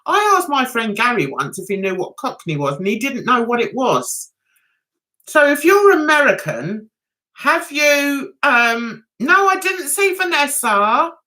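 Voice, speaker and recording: A woman's voice: high voice, sing-song, a little slow, bright, forceful tone. An older woman, hosting a casual livestream chat and rambling with giggles. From England. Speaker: livestream host.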